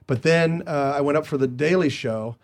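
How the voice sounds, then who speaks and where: A man as an interview guest, telling stories casually and with energy, jumping higher in pitch when he quotes others. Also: moderate pace. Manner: animated, jumps higher when quoting others; chatty with many restarts. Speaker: guest comedian.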